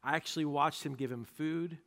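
A man's voice: on the high side, fairly even intonation, brisk, a bit bright. A man voicing a sly male servant who tells tales to the king in a gossipy, conspiratorial way. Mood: tattling.

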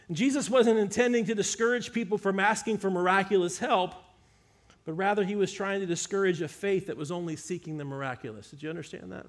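A man preaching a sermon, retelling scripture with animated, emphatic storytelling. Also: high voice, fast.

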